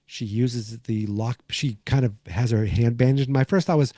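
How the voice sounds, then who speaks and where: A man's voice: medium pitch, normal speed, dark tone, dry recording, studio quality. A man hosting a podcast, recapping an episode in a loose, casual way, full of fillers and restarts. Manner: rambling, many fillers and restarts. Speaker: podcast host.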